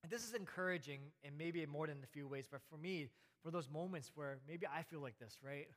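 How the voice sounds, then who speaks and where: A man's voice: a little high, brisk, a bit bright. A man preaching a conversational sermon, laughing lightly and repeating words for emphasis. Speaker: pastor. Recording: hall reverb.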